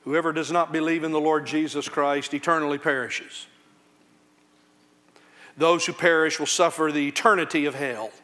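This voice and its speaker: A man preaching a sermon from a church pulpit, his voice bright and a touch high. He swings between loud, soaring outcries and low, hushed warnings. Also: steady tone, moderate pace. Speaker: pastor.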